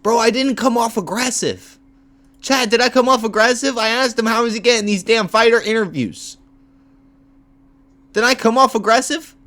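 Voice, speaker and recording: A man's voice: very high-pitched, normal speed, bright, forceful tone. A man streaming live as an MMA content creator, telling a grievance story in a heated, profane rant. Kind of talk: livestream rant.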